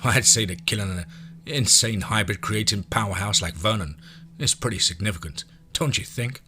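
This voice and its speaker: A man's voice: lowish voice, normal speed, sharp tone. A man voicing an eager, commanding old male reptile creature who speaks in a pushy, gleeful way.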